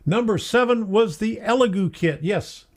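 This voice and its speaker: A man's voice: high-pitched, normal speed, darkish tone. A middle-aged man hosting a casual hobby live stream, chatty, laughing often and reading viewer comments aloud. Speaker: host of a model train live stream.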